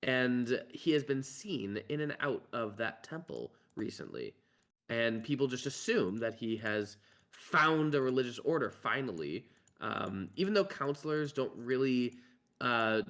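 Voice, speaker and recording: A man running a tabletop game as game master, talking in a halting way full of filler words. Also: medium pitch, lively intonation, a bit bright.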